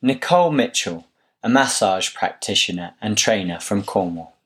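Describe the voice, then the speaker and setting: A man presenting, briefly introducing each guest in a measured way. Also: lowish voice, expressive, slightly rough. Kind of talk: scripted introductions.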